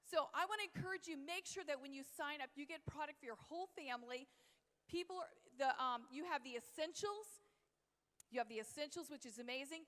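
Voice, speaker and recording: A woman giving an energetic, enthusiastic motivational speech on stage, repeating her catchphrases. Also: sits high, fairly quick. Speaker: motivational business speaker. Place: large convention hall. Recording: long reverb of a big hall. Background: hall reverb.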